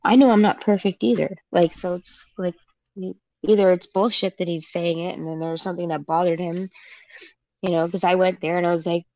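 A woman in her thirties calling in to a show, telling her story in a hesitant, halting way with many fillers. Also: fairly low pitch, flat delivery, warm tone, dry recording. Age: 30s. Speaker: caller. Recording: dull phone-line caller audio.

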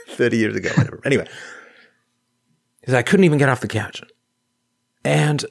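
A man hosting a call-in show, telling a story casually, with stammering restarts and acted-out quotes. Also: on the low side.

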